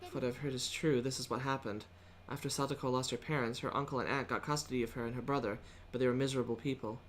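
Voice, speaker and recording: A woman streamer reading a visual novel's narration aloud in a subdued, measured way. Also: a bass voice, steady tone, a little hiss or hum.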